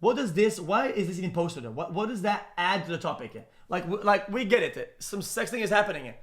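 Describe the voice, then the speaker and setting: Young male streamer, high voice, rambling and profane, stammering reaction commentary. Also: lively intonation, fairly quick, fairly bright tone.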